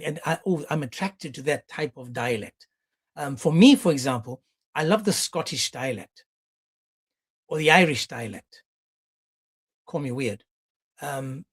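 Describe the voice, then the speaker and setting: A man hosting a live reaction stream, animated and mocking, with exclamations. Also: a little high.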